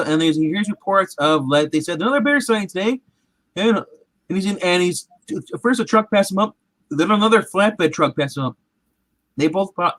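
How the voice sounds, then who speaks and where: A man's voice: sits high, a bit bright, no room sound, rough recording. A man recapping a show in casual, rambling chat, acting out quotes in different voices. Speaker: comic show recap host.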